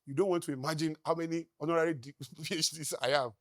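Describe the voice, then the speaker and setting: A man with a Nigerian accent giving a live motivational talk, emphatic, firing rhetorical questions at the crowd and swinging between loud declarations and quiet asides. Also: on the high side, steady tone, quick pace, no room sound, studio quality. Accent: Nigerian English. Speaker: motivational speaker. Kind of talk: live stage talk to an audience.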